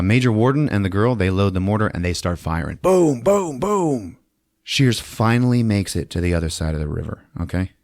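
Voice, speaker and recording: A man hosting a podcast who recaps a movie in casual, animated speech, swearing and acting out the scenes. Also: low voice, no echo, studio quality. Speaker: podcast host. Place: podcast studio.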